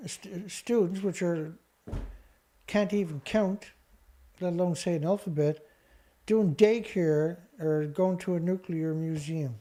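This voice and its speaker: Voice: mid-range voice, unhurried, dark tone. A show host reads out news items and rants about them angrily, sarcastic and insulting. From Canada. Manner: angry, sarcastic, insulting, talks back at the headlines.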